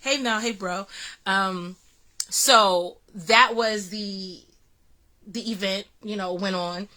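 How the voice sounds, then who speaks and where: A woman's voice: medium pitch, slow pace, sharp tone. A woman vlogger earnestly recounting a personal experience, full of restarts and fillers. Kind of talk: personal storytelling vlog.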